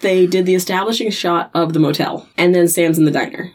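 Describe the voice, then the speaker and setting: Woman podcast cohost, kinda husky low voice, rambles through episode details. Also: fairly even intonation, fairly quick, a little mellow, recorded from a distance. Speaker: podcast co-host. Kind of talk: casual chat recapping a TV episode.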